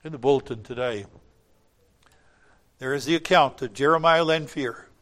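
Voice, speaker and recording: A man preaching a sermon, emphatic, repeating phrases for weight, his voice swelling to loud peaks and sinking low and quiet. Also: normal speed.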